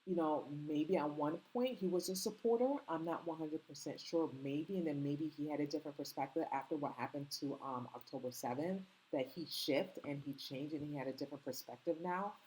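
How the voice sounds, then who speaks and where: A woman's voice: low voice, brisk, hardly any pauses, dark tone, breathy edge, low-quality recording. A woman with a slight foreign accent hosting her own commentary channel, talking earnestly and rambling with many ums and restarts. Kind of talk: casual opinion commentary.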